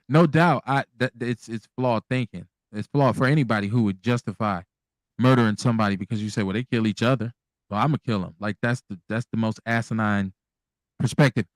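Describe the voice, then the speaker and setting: Blunt, animated male radio host. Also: mid-range voice, moderate pace, no echo. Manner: candid, blunt, animated with profanity. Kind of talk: casual call-in radio talk.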